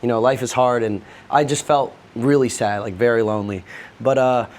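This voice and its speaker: A man's voice: medium pitch, steady tone, moderate pace, darkish tone. Young man telling a candid story. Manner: open, rambling, peppered with swearing. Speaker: podcast guest.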